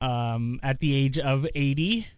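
A man hosting a casual chat show, talking in a relaxed way with many fillers and restarts. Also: mid-range voice, measured pace, clean tone, no echo.

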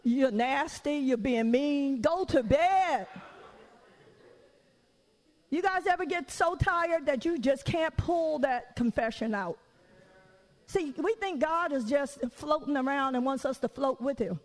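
A woman preacher giving a lively, conversational sermon in church. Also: high-pitched, slow pace, big-room sound, low-quality recording. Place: church during a service.

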